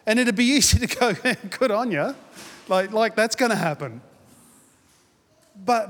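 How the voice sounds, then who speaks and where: A man delivers a sermon in a reverberant church hall. His voice sits fairly high, and his tone is easy and conversational as he tells stories. He then lifts into emphatic, repeated declarations. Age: 40s. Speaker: pastor. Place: church auditorium.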